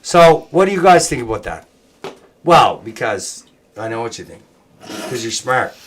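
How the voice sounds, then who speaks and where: A man's voice: medium pitch, big pitch swings, normal speed. A man hosting a livestream, chatting in a rambling, joking, heavily profane way. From Cape Breton, Canada. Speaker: livestream host. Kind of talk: casual party chat.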